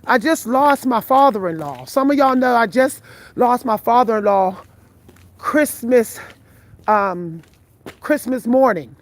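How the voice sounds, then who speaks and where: Filming herself on a phone during a night street walk, a weary, breathless vlogger in her forties speaks bluntly and swears as she talks live to viewers. Her voice is on the high side, animated, and a little slow.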